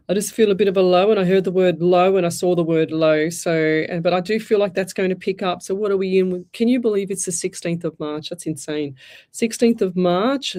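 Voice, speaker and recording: A woman's voice: on the low side, dark tone. A woman with an Australian accent hosting a live radio show, giving rambling, chatty psychic readings with many restarts. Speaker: psychic medium radio host.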